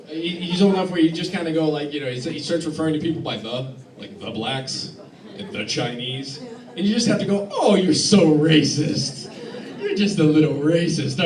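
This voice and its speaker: A man performing a deadpan stand-up set in a club, halting and restarting often, recorded by a phone in the crowd. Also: on the high side, reverberant, recorded from a distance. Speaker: stand-up comedian. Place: club hall with live audience laughing.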